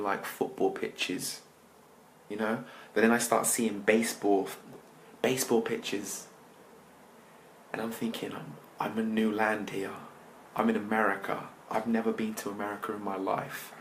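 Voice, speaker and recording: An English motivational speaker tells his story with a lively, acted-out delivery and a fairly low voice. He often turns straight to the listeners. A faint hiss runs under the recording. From England. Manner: lively, acts out scenes and talks to listeners directly. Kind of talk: storytelling talk.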